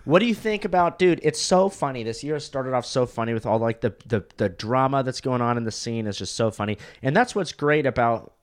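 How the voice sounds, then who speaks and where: A man's voice: mid-range voice, lively intonation, a little fast, few pauses. A man guesting as a comedian on a podcast, laid-back in casual chat, swearing and saying "dude" and "bro".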